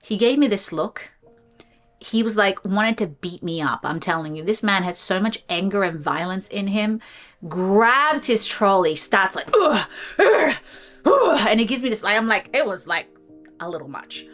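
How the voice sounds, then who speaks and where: A woman hosting a meditation channel, telling a personal story in a casual, animated way and laughing often. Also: mid-range voice, normal speed, faint music behind. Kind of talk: casual spiritual talk to camera.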